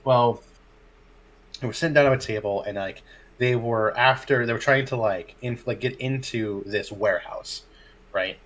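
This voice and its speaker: A man's voice: medium pitch, moderate pace, slight background noise. Laughing man telling a game-table story. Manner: animated anecdote, acts out players' lines, laughs often. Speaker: dungeon master. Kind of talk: casual storytelling chat.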